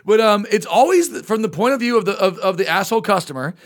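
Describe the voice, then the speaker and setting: High-voiced gravelly man, rambling stories. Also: quick pace. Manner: rambling, animated storytelling with restarts. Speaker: podcast host. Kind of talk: casual chat.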